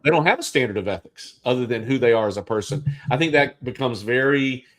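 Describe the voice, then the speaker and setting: A man's voice: medium pitch, fast, fairly bright tone. A man hosting a casual livestream discussion as a real estate agent, thinking aloud with restarts.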